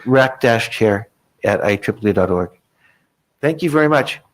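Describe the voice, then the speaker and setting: A man's voice: lowish voice, expressive, normal speed. A man presenting text at a technical standards meeting in a conference room, talking politely and casually with fillers and restarts. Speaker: working group presenter.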